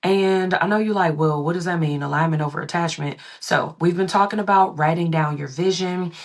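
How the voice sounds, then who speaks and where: A woman's voice: on the low side, fairly quick. A woman hosting a solo motivational podcast, talking in a playful, sing-songy way. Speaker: podcast host.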